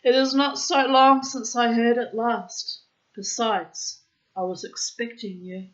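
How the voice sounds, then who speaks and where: A woman reading aloud and voicing a poised, composed young society woman, lifting her voice higher for the part. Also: fairly even intonation, slow, lo-fi sound. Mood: cool, polite.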